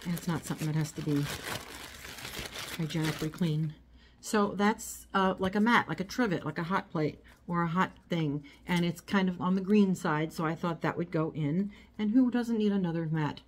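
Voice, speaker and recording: A woman's voice: fairly low pitch, normal speed. A woman chatting casually as she unboxes and shows a haul of small items at home, rambling as she goes. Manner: chatty, rambling, talks while handling items. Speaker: vlogger. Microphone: phone. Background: crinkling packaging.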